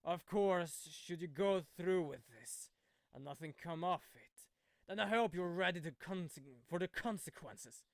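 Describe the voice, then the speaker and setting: A man's voice: high voice, vocal fry, dry recording, clean studio sound. A man doing a sneering arrogant prosecutor. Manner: slow, condescending drawl. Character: arrogant older male prosecutor, cold and sneering.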